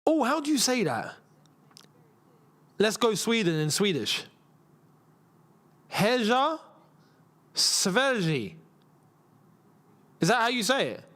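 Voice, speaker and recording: A young man from England hosts a live football watchalong, chatting with viewers in between the action. His voice sits a little high and swings lively in pitch. He yelps and cheers at every attack. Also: normal speed, long pauses. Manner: excitable, reacts loudly to play, chatty with viewers. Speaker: football channel host. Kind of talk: live watchalong commentary and chat.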